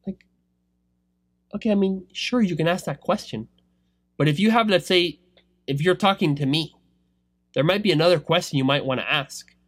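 A man giving a rambling motivational talk about online selling, swinging between loud pushes and low asides. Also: moderate pace, pauses often, no room sound, studio quality. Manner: rambling, filler-heavy. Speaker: online seller coaching others.

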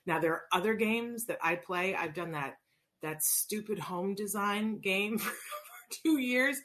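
A middle-aged woman speaks unhurriedly at medium pitch, casually telling animated stories about play and children on the autism spectrum. As a parent educator on autism, she acts out voices in her anecdotes.

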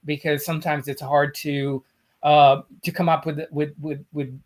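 A man's voice: a little high, flat delivery, measured pace. A man co-hosting a casual film chat, speaking emphatically and often repeating words while he searches for them. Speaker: podcast co-host.

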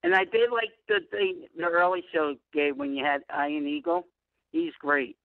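A man's voice: fairly high pitch, steady tone, normal speed, no echo. An older man calling in to a talk show, rambling and friendly, often mixing up his picks, heard over a phone line. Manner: rambling, friendly, mixes up games. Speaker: caller. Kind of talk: phone-in chat.

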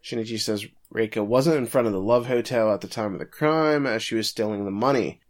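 A man's voice: lowish voice, fairly quick. Casual man recapping an episode. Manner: casual, chuckling storyteller. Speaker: podcast co-host.

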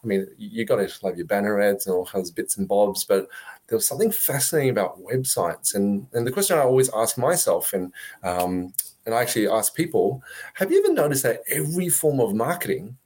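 A man's voice: fairly low pitch, very animated, fairly quick, darkish tone, husky. An Australian man talking as an interview guest, chatty and joking, full of fillers and restarts. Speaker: guest, web agency founder. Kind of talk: casual interview talk.

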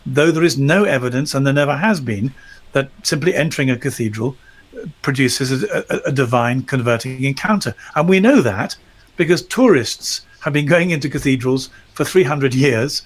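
A man's voice: medium pitch, normal speed. A middle-aged man, a lecturer, telling stories in a discussion in an articulate, wry way. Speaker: discussion guest, lecturer in psychology of religion. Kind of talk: storytelling in discussion.

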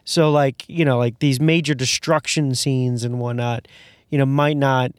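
A man's voice: medium pitch, steady tone, a little slow, clean tone, no echo, studio quality. A man in casual film chat, rambling with many fillers and restarts. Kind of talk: casual movie review chat.

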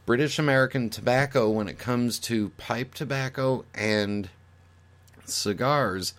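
A man's voice: mid-range voice, measured pace, fairly bright tone. A man speaking as a guest on a podcast, giving his opinion in a casual, explanatory way and thinking aloud with fillers and restarts.

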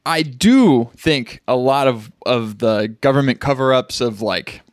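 A man's voice: medium pitch, lively intonation, measured pace, dry recording, clean studio sound. A man co-hosting a podcast, musing and rambling in casual chat with lots of fillers and restarts. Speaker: podcast co-host.

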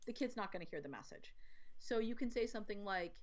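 A woman guest talking about parenting in a casual podcast chat, explaining in an animated way and acting out little quotes. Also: medium pitch, quick pace. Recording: dull lo-fi audio.

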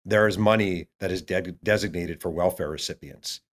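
Man, author guest, low-ish voice, animated storytelling, acts out quotes. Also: moderate pace. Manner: acts out quotes of others, many fillers.

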